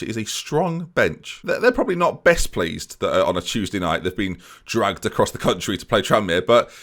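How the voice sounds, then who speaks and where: Fast, animated man commentating a game. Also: medium pitch. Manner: chatty, keeps addressing viewers, self-mocking asides. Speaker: video game let's-play host. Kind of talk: casual gameplay commentary.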